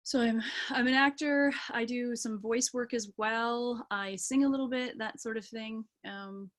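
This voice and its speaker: A woman's voice: on the high side, steady tone, measured pace. A young woman from British Columbia, an actor and singer, chatting casually as an interview guest over a video call and rambling with lots of ums and yeahs. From British Columbia, Canada.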